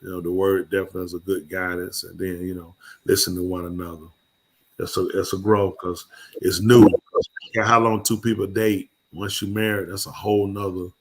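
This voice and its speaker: A man hosting a call-in show, giving relationship advice and telling animated stories in casual chat. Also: a little fast, breathy edge. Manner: animated storyteller, jumps high when telling stories. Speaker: podcast host.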